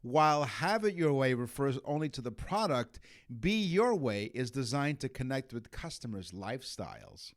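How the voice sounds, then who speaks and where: A man's voice: mid-range voice, big pitch swings, normal speed, hardly any pauses. A man co-hosting a podcast, reading out trivia in a jokey way and slipping in puns. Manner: jokey, punning, reads facts aloud. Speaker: podcast co-host. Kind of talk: casual chat.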